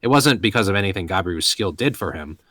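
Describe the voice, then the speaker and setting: Man, very low voice, from Colorado, steady novel narration, dry close sound. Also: fast talker, no room sound. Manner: steady narration, occasional self-corrections. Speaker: reader of a light novel. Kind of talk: reading a novel aloud.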